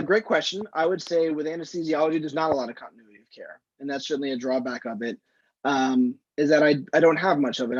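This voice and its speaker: A man, an anesthesiologist, giving measured, explanatory advice to students in a casual online Q&A over a video call. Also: mid-range voice, darkish tone, slightly rough, no room sound. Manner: measured, explanatory, frequent "standpoint" phrasing. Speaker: anesthesiologist answering student questions. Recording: muffled, slightly lo-fi video call audio.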